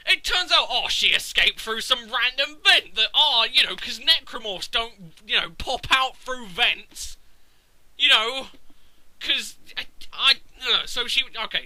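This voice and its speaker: A man's voice: extremely high pitch, bright, forceful tone, dry recording, rough recording. A man, ranting casually and profanely about a video game. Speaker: gaming video maker. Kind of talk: casual rant.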